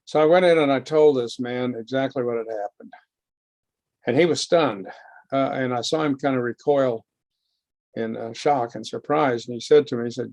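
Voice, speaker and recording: Guy giving a recovery talk, gravelly, slow and halting, sounds dry and close. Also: medium pitch, a little mellow, no room sound. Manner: slow, halting, heartfelt storytelling. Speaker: guest speaker. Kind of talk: personal recovery testimony. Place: lecture hall.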